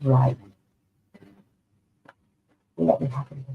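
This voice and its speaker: A woman's voice: a bass voice, steady tone, slow pace, vocal fry, a little hiss or hum. A woman giving live online tarot card readings, affectionate and chatty, calling people darling. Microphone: online video stream. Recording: tinny phone-like online audio.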